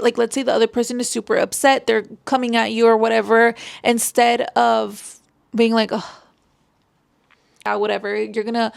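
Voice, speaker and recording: Woman giving casual relationship advice, gravelly fry, dry close sound, says like a lot. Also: a little high, no room sound. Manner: chatty, frequent "like" fillers.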